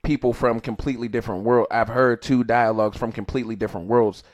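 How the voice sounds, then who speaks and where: A man's voice: mid-range voice, fairly even intonation, fast, highs cut off. A man co-hosting a podcast in casual chat, talking loosely and profanely, with frequent restarts. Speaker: podcast co-host.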